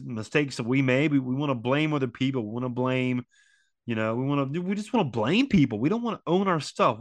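A man's voice: medium pitch, no echo. A grieving man in his forties talking earnestly about loss, repeating phrases and using many fillers. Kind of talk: emotional personal reflection on loss.

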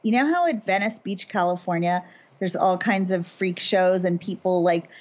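A woman in her forties co-hosting a local talk show, playful and self-mocking with quick asides. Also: on the low side, a little mellow. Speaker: podcast co-host. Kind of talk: casual chat. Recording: slightly dull lo-fi audio.

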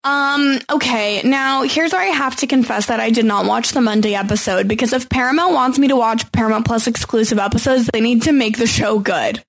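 Female co-host from the US, high voice with gravelly fry, dry sarcastic banter. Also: brisk, hardly any pauses. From United States. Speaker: podcast co-host. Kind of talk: casual chat recapping a reality show.

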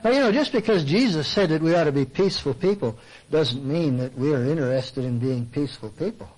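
An older man delivers a sermon in a conversational way, with a fairly high-pitched voice. He keeps asking rhetorical questions and voices his listeners' complaints back at them. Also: animated, a little fast, a little mellow, low-quality recording. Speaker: Christian speaker and counselor. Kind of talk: sermon talk.

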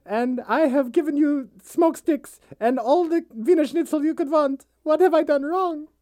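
A man putting on a high, pleading abandoned wife. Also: moderate pace, dark tone, no room sound.

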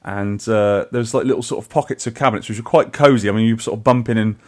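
Fast-talking chatty man. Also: fairly low pitch, a little mellow. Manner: chatty, rambling with restarts. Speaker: podcast co-host. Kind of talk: casual chat.

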